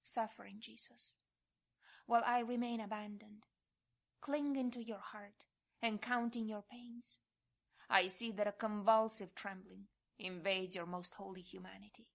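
A woman giving a devotional prayer reading in a hushed voice that often drops to a whisper. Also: medium pitch, fairly even intonation, a little slow, creaky. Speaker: prayer reader.

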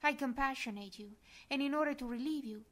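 Briskly, a woman with a somewhat high voice reads a devotional prayer aloud. She stays soft and reverent, at times slipping into a breathy whisper.

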